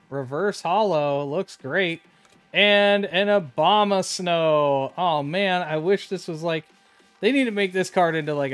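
A man streaming live, opening card packs and chatting casually with his viewers. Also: fairly high pitch. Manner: chatty, reads card names aloud, talks to chat.

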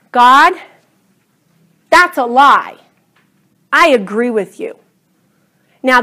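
High-voiced woman teaching Bible class. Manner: conversational, animated, acts out prayers to God.

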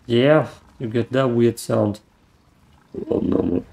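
A man with a German accent and vocal fry, giving rambling, joking commentary while playing a game into a desk mic. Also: medium pitch, slow, long pauses, mellow, slight background noise, poor audio. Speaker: gamer. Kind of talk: gameplay commentary.

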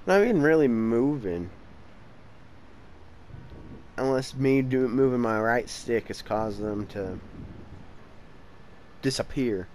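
A man's voice: mid-range voice, a little mellow, a little hiss or hum, low-quality recording. A young man hosting a let's-play channel, giving casual commentary as he plays. He is tired and yawning, and he grows impatient, talking back to the game. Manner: frustrated, impatient, talks to the game. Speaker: gameplay channel host.

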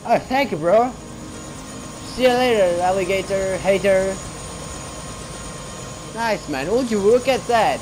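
A man giving excited let's play commentary while gaming, often calling his audience bro. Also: sits high, unhurried, long pauses, music in the background. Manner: excitable, keeps saying bro. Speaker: gamer.

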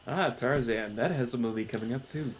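A man of middle pitch chats about movies, adding quick jokes to the talk. A faint hiss runs under the recording. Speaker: podcast co-host. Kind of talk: casual film discussion. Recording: faint background noise.

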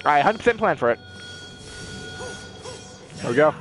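A man casually commenting on his own gameplay, excitable, exclaiming and playfully taunting enemies into a desk mic. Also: fairly high pitch, normal speed, faint music behind. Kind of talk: casual let's-play commentary. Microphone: personal desk mic.

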